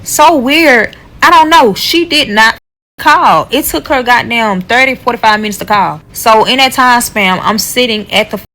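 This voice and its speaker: A woman telling a casual storytime, blunt and profane, animated as she retells what happened. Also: a little high, normal speed, low-quality recording.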